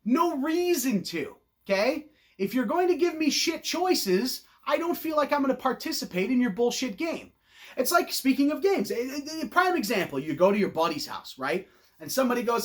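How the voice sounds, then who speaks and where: A loud, blunt man rants straight at his audience, swearing freely and dripping with sarcasm. His pitch swings widely as he jumps into mocking voices of the people he criticizes. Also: sing-song, normal speed. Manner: profane, sarcastic, mocking put-on quotes. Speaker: host. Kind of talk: ranting opinion monologue.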